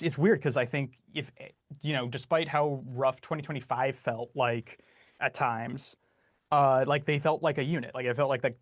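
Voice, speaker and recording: A man co-hosting a podcast in casual sports chat, halting and filling his speech with "like" as he vents his frustration. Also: mid-range voice, no room sound, studio quality. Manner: halting, heavy use of "like", frustrated. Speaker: podcast co-host.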